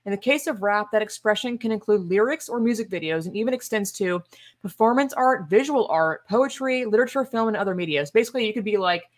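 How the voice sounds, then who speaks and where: Talking fast in an animated, mid-range voice, a woman hosts a podcast with a casual commentary monologue. Her manner is sarcastic, exasperated, emphatic and opinionated, with scoffs thrown in.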